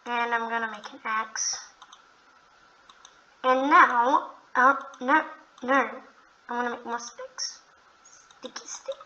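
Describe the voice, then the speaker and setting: A young woman casually narrating her own video game play, excitable, often gasping and talking to the animals on screen. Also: on the high side, slow, pauses often, dull audio. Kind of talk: casual gameplay commentary.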